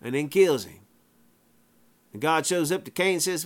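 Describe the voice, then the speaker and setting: A man's voice: a little high, animated, normal speed, long pauses. A man preaching a sermon, emphatic, repeating phrases for effect in plain folksy wording.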